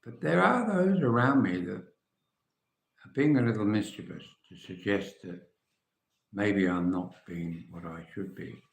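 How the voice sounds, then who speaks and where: Older english man, unhurried rambling live chat, echoey room. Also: fairly low pitch, expressive, vocal fry. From England. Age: 70s. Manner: rambling, frank, trails off quietly at phrase ends. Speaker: vlogger. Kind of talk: casual live-stream chat.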